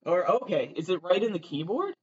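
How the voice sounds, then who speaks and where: A man's voice: high-pitched, sing-song, a little fast, darkish tone, breathy edge, no echo, muffled recording. Self-mocking young man rambling. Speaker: podcast host. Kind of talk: casual rambling monologue.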